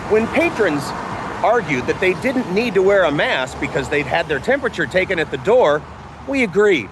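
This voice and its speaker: A woman's voice: fairly low pitch, noisy background. A woman delivering a scripted comedic monologue in a mock-official, announcer-like manner over a video call. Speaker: comedian presenting a character bit.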